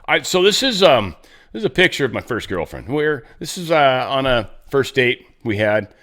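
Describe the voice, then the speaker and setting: A man's voice: medium pitch, very animated, moderate pace, a bit bright. A man hosting a commentary show, rambling casually about headlines with sarcastic asides. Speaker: show host.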